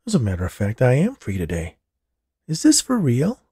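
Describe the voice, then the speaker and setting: A man voicing an upbeat young woman, talking with excited energy. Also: mid-range voice, normal speed, slightly rough, no room sound, clean studio sound, pitched above the performer's own voice.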